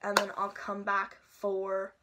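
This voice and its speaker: A young woman chatting casually and playfully through a makeup tutorial at home, sometimes dropping to soft asides. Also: medium pitch, completely flat delivery, slow pace, background noise. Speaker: makeup vlogger.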